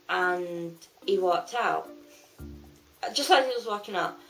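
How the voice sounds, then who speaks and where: A woman tells a story to the camera in a casual, rambling way, stopping and restarting as she goes. Her voice has a gravelly edge, and faint music plays in the background. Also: lowish voice, animated, slow, long pauses, a bit bright, low-quality recording. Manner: rambling retelling with restarts and fillers. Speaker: vlogger.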